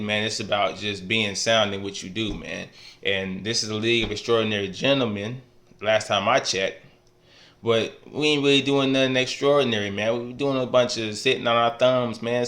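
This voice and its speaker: A man's voice: medium pitch, a bit bright. A man in a casual trash-talk video, laid-back and teasing, tacking "man" onto almost every phrase. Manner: teasing, playful ribbing. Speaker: fantasy football league member.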